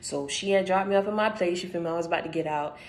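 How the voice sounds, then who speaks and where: A woman's voice: lowish voice, quick pace. Emphatic woman giving a spiritual talk. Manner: emphatic, repeats phrases for stress; conversational, addresses listener directly. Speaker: channel host giving a spiritual message.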